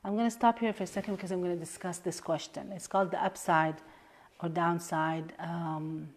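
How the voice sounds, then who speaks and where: A woman's voice: lowish voice, steady tone, a little fast. Earnest woman coach repeating affirmations. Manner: earnest, repeats affirmations and questions, drops to a soft hush. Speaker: life coach. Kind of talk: live coaching session guiding a tapping exercise.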